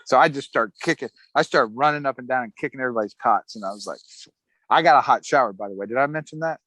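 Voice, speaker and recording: Speaking quickly at a medium pitch, this middle-aged Army veteran casually relates his story to an interviewer. He laughs softly as he acts out others' quotes and stays relaxed throughout, though the dry recording is of poor quality.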